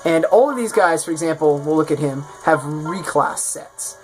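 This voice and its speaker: A man's voice: a little high, moderate pace, faint music behind. A man casually presenting his own game mod in a showcase, rambling and correcting himself as he goes. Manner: rambling, self-correcting, offhand.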